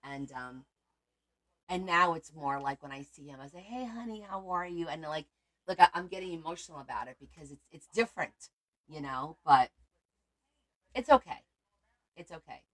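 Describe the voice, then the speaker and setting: A woman's voice: low voice, moderate pace, a bit bright. A woman hosting a casual crafting livestream, chatting to viewers as she shows her work.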